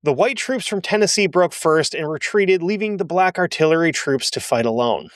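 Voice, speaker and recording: A man's voice: on the high side, lively intonation, normal speed, no echo, clean studio sound. A man hosting a history show, telling the story casually with blunt, sarcastic asides. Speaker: history podcast host.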